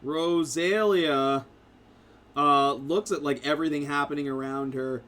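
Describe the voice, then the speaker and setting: A man narrating a tabletop game as game master, in a casual, halting way with fillers. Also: a little high, steady tone, a bit bright.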